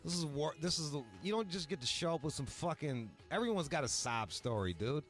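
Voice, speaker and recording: A man's voice: a little high, expressive, a little fast, fairly bright tone, soft background music. A man from Michigan telling a long, profane story in casual chat, full of asides and acted-out quotes. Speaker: podcast host.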